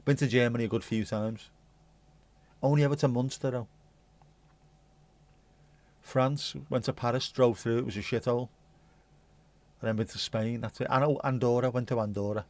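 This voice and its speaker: A man's voice: medium pitch, steady tone, normal speed, pauses often, darkish tone. A man hosting a casual livestream, rambling and chatty, swearing casually and humming little tunes. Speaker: livestream host.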